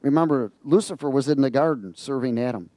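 A male preacher gives a sermon, reading scripture aloud, commenting on it and prompting the congregation to fill in the words. His mid-range voice is warm, a little fast, and has no echo.

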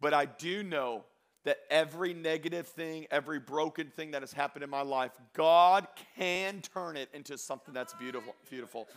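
A male pastor preaching a sermon, who swings between loud exhortation and quiet scripture reading and acts out the voices he quotes. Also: a little high, normal speed.

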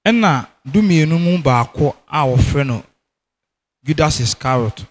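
A Ghanaian man reading Bible verses aloud during a sermon, in a steady, measured way. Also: a little high. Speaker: scripture reader.

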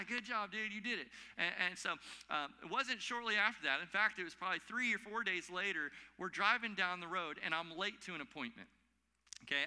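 A man in his thirties preaching a sermon as pastor, animated and conversational, swinging between loud emphatic peaks and quiet asides. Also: on the high side. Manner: conversational, confessional storytelling. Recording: long hall reverb.

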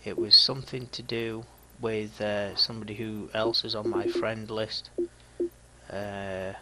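A man's voice: lowish voice, level tone, a little slow, very noisy. A man in his thirties with a Yorkshire accent, a gaming vlogger talking to his viewers in a dry, mocking, chatty way. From Yorkshire, England. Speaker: gaming YouTuber. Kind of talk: casual video commentary.

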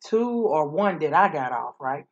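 A woman's voice: low-pitched, big pitch swings, unhurried, lo-fi sound. Sassy chatty woman telling a story. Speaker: vlogger. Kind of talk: casual storytime chat.

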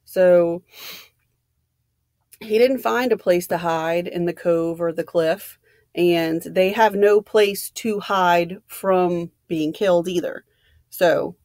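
A woman's voice: on the low side, fairly even intonation, slow, a little mellow, no echo, studio quality. A woman reading a novel aloud and stopping to explain it casually, with fillers like "um" and "like".

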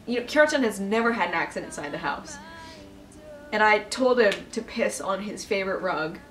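A woman's voice: medium pitch, a bit bright, roomy sound, recorded from a distance, slight background noise, low-quality recording. A young woman answering viewer questions in a casual video, candid and emotional and swearing freely. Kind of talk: casual Q&A chat.

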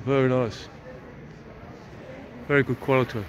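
A man's voice: medium pitch, level tone, a little slow, slight background noise. A man filming outdoors by a road, arguing bluntly and then talking to himself as he walks. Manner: argumentative, blunt, talks to himself while walking. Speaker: filming auditor. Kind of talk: confrontational street filming.

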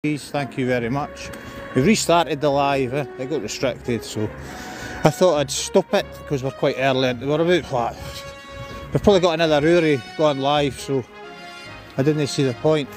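A man's voice: medium pitch, moderate pace, over music. A Scottish man chatting on a live stream while walking his dog outdoors, joking, swearing and snapping commands at the dog. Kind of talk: casual live-stream chat. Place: outdoors in a park and by roads.

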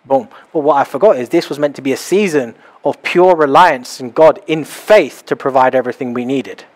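A young man preaching a sermon in a small house church, animated and acting out little scenes as he talks. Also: mid-range voice, moderate pace. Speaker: pastor.

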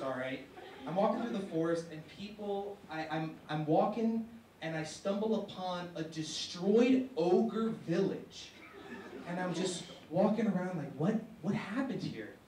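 Brief: young male comic, halting delivery, recorded from far off in an echoey room with faint noise. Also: high voice, darkish tone. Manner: halting, with repeated restarts. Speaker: stand-up comedian. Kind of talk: stand-up comedy set. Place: university comedy stage.

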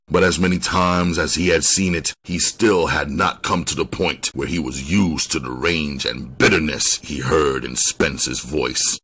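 A man narrates a crime novel in a very deep, husky voice. He reads at an unhurried, deliberate pace, letting each line settle. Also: bright, forceful tone. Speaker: audiobook reader. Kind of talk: scripted narration.

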